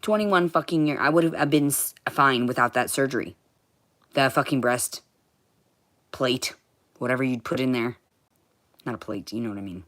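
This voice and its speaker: A woman vlogging in a rambling, profane monologue, swinging from muttering to shouting. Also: a bass voice, fairly even intonation, normal speed, pauses often.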